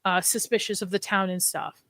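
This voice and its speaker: A woman's voice: medium pitch, moderate pace, creaky, a bit bright, dry recording. A woman co-hosting a casual live discussion, chatting and reading her notes aloud with frequent restarts. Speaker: podcast co-host.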